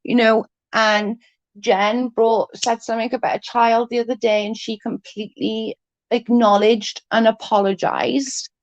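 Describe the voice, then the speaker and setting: A woman with a cold, hoarse and husky, chatting casually on a livestream and answering viewers' comments. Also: a little high, little pitch movement, a little slow, dry recording, dull audio. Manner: blunt, swears freely, vents about double standards. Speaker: livestream host. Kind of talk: casual live chat reading comments.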